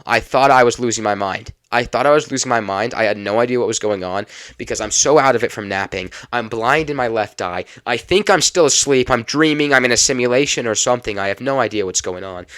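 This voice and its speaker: A young adult man hosting a podcast, telling a personal story in a lively, casual way and laughing now and then. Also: mid-range voice, fairly quick, no echo, clean studio sound. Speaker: podcast host.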